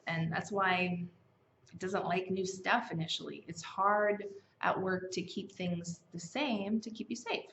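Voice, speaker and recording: A woman's voice: on the low side, steady tone, unhurried, fairly bright tone, slight background noise. A woman hosting a self-help challenge, talking in a casual, conversational way with fillers and self-corrections. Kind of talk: casual motivational teaching. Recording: slightly dull, lo-fi sound.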